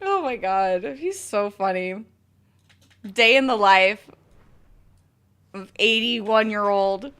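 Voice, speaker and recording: A woman streamer chatting casually, telling a story in an excitable, giggly way. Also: medium pitch, takes it slowly, long pauses, clean tone. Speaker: game streamer. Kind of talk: casual chat.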